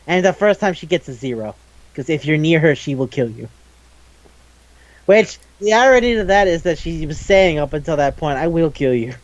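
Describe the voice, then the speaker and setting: Profane, animated man recapping anime. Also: on the high side, no room sound, dull audio. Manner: loose and profane, acts out characters' lines in quick voices. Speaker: podcast co-host. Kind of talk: casual chat recapping an anime.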